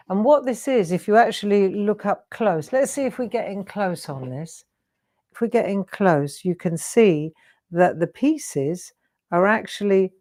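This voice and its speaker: A woman's voice: lowish voice, a little mellow. A middle-aged woman hosting a live craft demonstration, chatty and encouraging, often asking her viewers questions. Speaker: craft show host.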